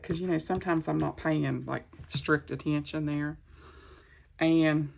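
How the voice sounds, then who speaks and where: Low, gravelly-voiced woman crafter. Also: fairly even intonation, measured pace, slight background noise. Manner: rambling, chatty, talks through each step. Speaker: craft vlogger. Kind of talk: casual chat while crafting. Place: her home office.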